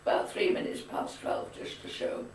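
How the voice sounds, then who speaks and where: A woman's voice: moderate pace, a little hiss or hum. Elderly woman, chatty storyteller with firm opinions; echoey home-video sound, distant mic. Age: older. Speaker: grandmother being interviewed. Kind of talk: reminiscing casual chat. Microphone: camcorder mic. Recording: echoey room, far from camcorder mic.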